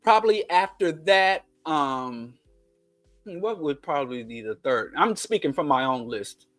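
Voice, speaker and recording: High-voiced man with a Kansas City twang. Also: expressive, a little slow, fairly bright tone, no echo, soft background music. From Kansas City, USA. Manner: digressive, conversational asides, emphatic lists. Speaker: show host. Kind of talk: political commentary monologue.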